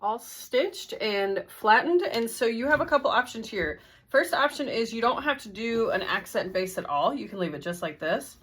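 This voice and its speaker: A woman's voice: on the high side, expressive, normal speed, a bit bright, husky. A woman walking through a sewing tutorial step by step, in a friendly, methodical, casual way. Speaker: sewing instructor.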